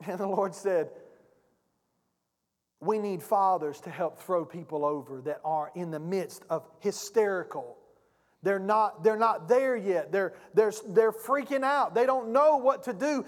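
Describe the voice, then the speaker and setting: Guy preaching, kinda high voice, builds up dramatic, echoey church hall. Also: lively intonation, normal speed. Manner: preaching with a rising, dramatic storytelling delivery; calls out to the congregation. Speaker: pastor. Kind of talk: sermon. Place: church sanctuary. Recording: long hall reverb.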